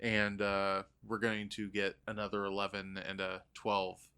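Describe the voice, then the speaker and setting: A man hosting a podcast in casual chat, easygoing and quick to laugh. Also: fairly low pitch, monotone, pushed and bright, clean tone. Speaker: podcast host.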